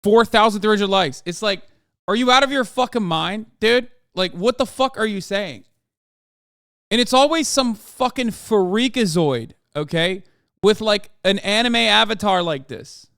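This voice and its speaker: An American man in his thirties rants on a livestream, cursing freely and sounding fed up. His voice sits high and comes across smooth and clean. The sound is dry and close, with no room around it. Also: lively intonation, a little slow, a bit bright, no echo. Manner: profane, exasperated ranting. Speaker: political commentary streamer. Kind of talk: livestream commentary.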